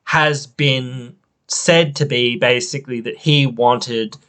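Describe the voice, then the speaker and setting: A man hosts his own podcast, talking in a loose, rambling rant. He sounds frustrated and a little fed up, and his voice sits at an ordinary middle pitch. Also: fairly even intonation, slow pace, a bit bright, clean tone. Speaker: podcast host. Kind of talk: casual opinion podcast.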